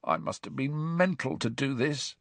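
A man doing a croaky, panicky teenage boy. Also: mid-range voice, expressive, moderate pace, no room sound, voice pushed up. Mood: despairing.

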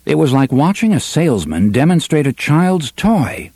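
A man narrating an audiobook in an expressive storytelling manner. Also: a little high, normal speed, few pauses, slightly rough, no echo. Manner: expressive storytelling, varies pace for drama. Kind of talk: scripted narration.

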